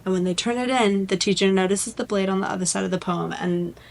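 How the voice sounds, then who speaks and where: A woman's voice: mid-range voice, fast talker, gravelly, poor audio. A woman vlogger casually retelling a plot, rambling and full of "like". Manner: rambling, lots of "like", animated.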